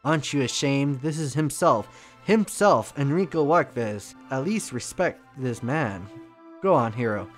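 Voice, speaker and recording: A man voicing a gruff old male militia major with a Ukrainian accent and a lisp. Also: on the high side, expressive, normal speed, faint music behind, close to an everyday voice. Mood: scolding. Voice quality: lisping.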